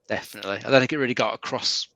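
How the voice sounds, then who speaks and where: Man, co-host, casual chat, measured opinions, bright voice. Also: medium pitch, no echo, low-quality recording.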